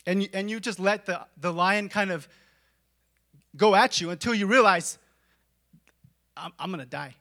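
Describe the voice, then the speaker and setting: A man preaches with a high, bright, ringing voice. He talks casually, tossing in "like" and "right?", and swings from quiet, intimate stretches to full shouts. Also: moderate pace. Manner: dramatic swings from hushed to shouting; conversational, with filler "like" and "right?". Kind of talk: sermon.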